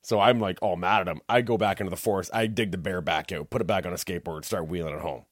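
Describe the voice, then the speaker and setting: Low-voiced man telling a rambling story. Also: steady tone, quick pace, no room sound, clean studio sound. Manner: rambling, profane, acts out quotes. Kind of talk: casual chat, telling a story.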